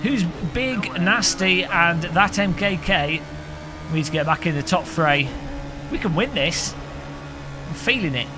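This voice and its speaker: Brief: male streamer, high, very animated voice, jokey race commentary over loud game noise. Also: unhurried, pauses often. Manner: excitable, jokey banter with chat. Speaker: live streamer. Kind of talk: live sim racing commentary. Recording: game engine noise behind voice.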